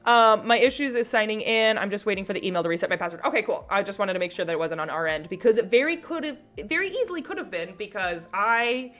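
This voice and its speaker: A woman's voice: mid-range voice, lively intonation, quick pace, hardly any pauses, a bit bright. A young woman chatting casually and giggling with her viewers on a live stream.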